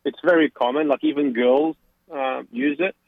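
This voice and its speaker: A man with an Australian accent, calling in to a radio chat show and talking haltingly with many fillers and restarts. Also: mid-range voice, fairly even intonation, creaky, no room sound. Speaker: caller. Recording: tinny phone line.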